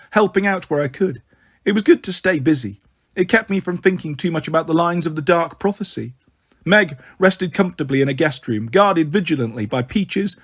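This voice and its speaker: Male storyteller, slightly raised pitch, expressive first-person audiobook reading. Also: breathy edge. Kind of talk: audiobook narration.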